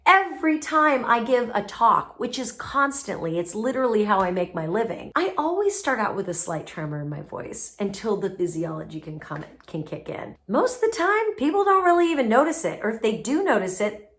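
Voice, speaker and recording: A woman speaking coach giving lively, emphatic advice straight to camera, with playful asides. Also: fairly high pitch, moderate pace. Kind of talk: casual advice video to camera.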